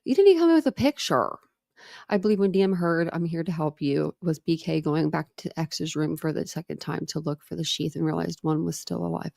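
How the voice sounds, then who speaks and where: A woman's voice: low-pitched, flat delivery, a little fast, creaky, hardly any pauses, darkish tone. A woman hosting a true crime livestream, chatting casually with viewers in a rambling way, full of fillers and restarts, and reading comments from the chat. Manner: reads and answers live chat comments. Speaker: true crime channel host.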